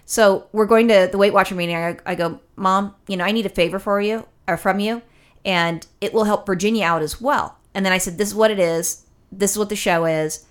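A woman tells a rambling story in casual conversation. She swears freely and acts out what other people said. Her pitch sits in the middle for a woman. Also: brisk, smooth. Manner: animated, profane storytelling with acted-out quotes. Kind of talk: casual chat.

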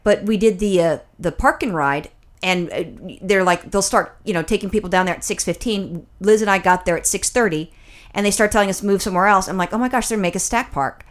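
A woman's voice: medium pitch, fast. A middle-aged woman, chatty and profane, telling stories in a casual chat as a podcast host. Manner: chatty, profane storytelling with mimicry.

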